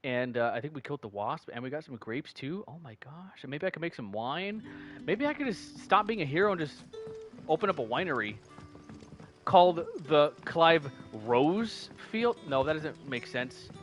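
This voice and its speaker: A gaming streamer with a somewhat high, sing-song voice chats at a moderate pace while streaming a video game, with game music in the background. His casual let's-play commentary rambles, full of fillers and restarts.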